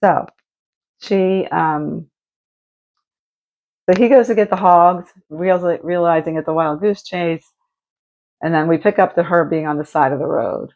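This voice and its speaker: A woman's voice: fairly low pitch, a little slow, pauses often, darkish tone, lo-fi sound. A woman streamer in casual chat, retelling a true crime story in a rambling way with many restarts and fillers.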